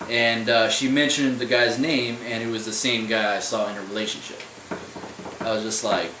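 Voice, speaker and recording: A man's voice: fairly low pitch, steady tone, normal speed. A young man telling a story in a casual vlog, rambling and swearing, leaning on "I was like" over and over. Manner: rambling, profane, repeats "I was like" a lot. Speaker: vlogger. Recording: echoey room, mic at a distance, faint noise.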